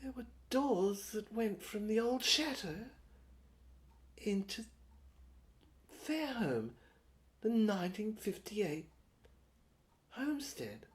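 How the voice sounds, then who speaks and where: A woman reading a first-person audio novel in a dreamy, wandering, halting way. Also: medium pitch. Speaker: narrator.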